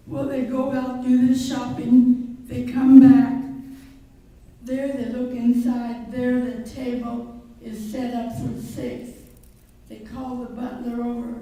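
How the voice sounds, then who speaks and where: A woman telling jokes at a reception with unhurried, deadpan setups, recorded from far off in an echoey hall. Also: a little high. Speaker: joke teller.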